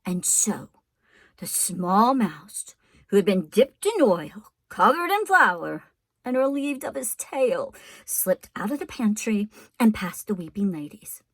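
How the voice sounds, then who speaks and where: A woman teacher reading a storybook aloud to her class, in an expressive, unhurried way. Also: mid-range voice, husky, no echo.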